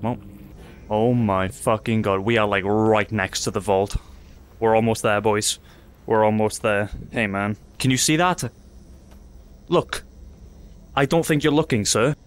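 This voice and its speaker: A man's voice: fairly low pitch, a little slow, long pauses. A man commentating his own play of a game, nervous and profane, yelping and muttering to himself. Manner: jittery, swearing, yelps in panic. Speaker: gaming YouTuber. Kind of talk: live let's-play commentary.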